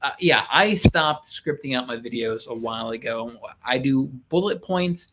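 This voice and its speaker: A man co-host with a medium-pitched voice and a relaxed, conversational manner. He gets animated in his asides. His talk is easygoing and unscripted. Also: normal speed. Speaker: co-host, real estate agent and YouTuber. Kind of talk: casual chat.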